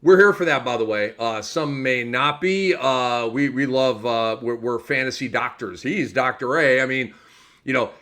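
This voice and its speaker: A man hosting a fantasy basketball podcast, energetic and joking, with many fillers and restarts. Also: mid-range voice, moderate pace. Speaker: podcast host. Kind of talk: casual sports podcast chat.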